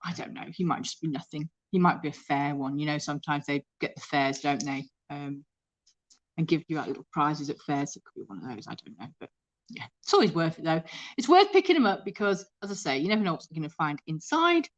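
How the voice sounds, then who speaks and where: A woman's voice: deep voice, lively intonation, a little fast, lo-fi sound. A woman chatting casually and rambling on a live stream from her kitchen, reading out viewer comments as she goes. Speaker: thrift reseller hosting a live stream. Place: home kitchen.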